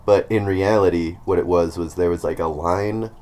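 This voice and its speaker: Deep-voiced male co-host, thirties, casual storyteller, swears and laughs a lot. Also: fairly even intonation, moderate pace, a little mellow. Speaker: podcast co-host. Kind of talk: casual chat.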